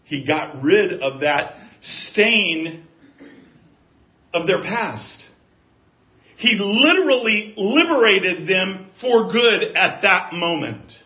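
A man's voice: high voice, very animated, slow pace. A male pastor preaching a sermon, emphatic and given to repeating key phrases for weight. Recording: echoey, dull lo-fi room sound.

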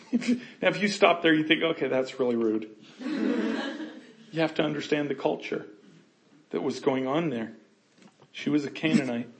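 A man preaching a sermon, earnest, swinging between loud passages and hushed ones. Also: on the high side, lively intonation, unhurried, long pauses, echoey room. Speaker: pastor.

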